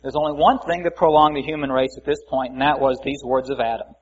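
A man's voice: medium pitch, fairly even intonation, fast talker, a little hiss or hum. A man preaching a conversational Bible-teaching sermon, reading scripture aloud and adding folksy asides. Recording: muffled lo-fi recording.

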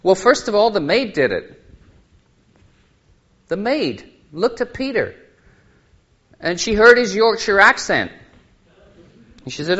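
A man's voice: high voice, big pitch swings, takes it slowly, long pauses, fairly bright tone. A man, a lay preacher, gives a sermon and tells Bible scenes as vivid stories. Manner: storytelling, dramatizes Bible scenes. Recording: muffled lo-fi recording.

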